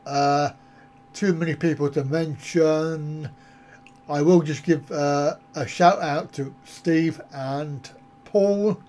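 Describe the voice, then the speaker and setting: A man hosts a casual live stream for his viewers, wandering from topic to topic with an easy, joking manner. His voice sits a little high for a man, and he takes his time getting the words out. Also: steady tone, takes it slowly, darkish tone. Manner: jokey, rambling, easygoing. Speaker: travel vlogger hosting a live stream.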